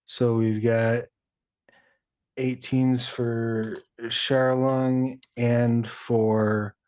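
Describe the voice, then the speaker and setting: A man running a tabletop game as game master, talking in a relaxed, chatty way with plenty of fillers. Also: mid-range voice, very slow, clean tone.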